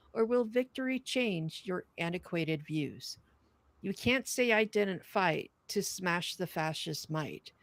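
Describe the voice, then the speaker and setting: Low, gravelly woman with a dry sound. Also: no echo. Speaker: podcast co-host. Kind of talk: reading a poem aloud, then casual chat.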